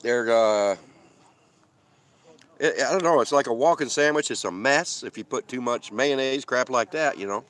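A van-life vlogger hosts a live stream from a desert campsite outdoors, his mid-range voice slightly bright and his pace normal. He chats and rambles casually, reading out viewer comments and talking while he eats.

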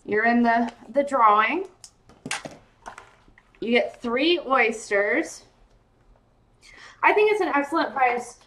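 A woman hosting a casual live-stream jewelry sale, excitable and gushing, calling out viewers by name and sounding giddy and tired late at night. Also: a little high, takes it slowly, pauses often.

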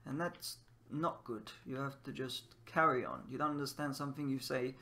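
A man's voice: mid-range voice, normal speed, creaky, pushed and bright. Playful man teaching Japanese while gaming. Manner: playful, laughs often, drills words by repeating them. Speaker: language teacher. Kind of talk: casual gameplay lesson.

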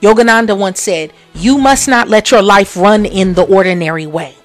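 Soft background music accompanies a woman's motivational podcast, where she talks at a normal speed in a preachy style. She repeats phrases for emphasis and ranges from low murmurs to loud exclamations.

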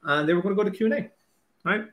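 A man's voice: sits high, racing, fairly bright tone. Rambling self-deprecating Irish man, echoey room. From Ireland. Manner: self-deprecating, nervous, many filler likes and restarts. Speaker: author. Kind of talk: casual chat, then reading aloud.

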